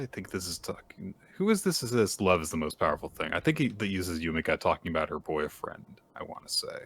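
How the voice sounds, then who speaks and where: With a lowish voice, a man co-hosting a manga podcast casually recaps chapters and acts out the characters' lines with lively energy.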